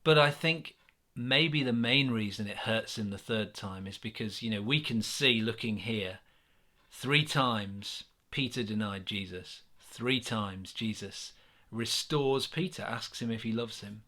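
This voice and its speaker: A man with an English accent giving a gentle, earnest sermon reflection, with many pauses and restarts. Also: fairly low pitch. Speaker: church minister.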